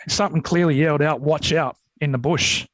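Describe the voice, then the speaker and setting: A man's voice: a little high, fast, dry recording, poor audio. Australian man, rambling bush tales. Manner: rambling, animated when retelling scares. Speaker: podcast guest, Yowie researcher. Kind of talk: casual storytelling.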